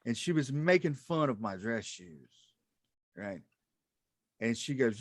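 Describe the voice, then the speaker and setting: A man's voice: fairly high pitch, animated, normal speed, dry recording, studio quality. A man doing a rambling, self-mocking stand-up comedy set over a video call, laughing at his own jokes.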